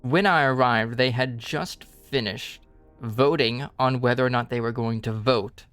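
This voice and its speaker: Smooth-voiced man running a tabletop game. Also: medium pitch, measured pace, fairly bright tone, dry recording, faint music behind. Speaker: dungeon master.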